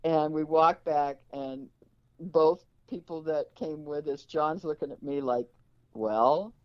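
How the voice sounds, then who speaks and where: A woman's voice: low voice, a little slow, clean tone, no echo. An older woman, a guest in an interview, telling an anecdote and acting out the quoted dialogue. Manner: lively, acts out quoted dialogue. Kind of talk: anecdotal storytelling. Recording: dull, dry lo-fi recording.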